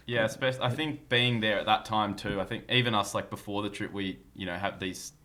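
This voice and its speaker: A man as a podcast guest, speaking in a thoughtful, measured way. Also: lowish voice, steady tone, pushed and bright. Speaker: guest filmmaker. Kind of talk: casual conversational interview.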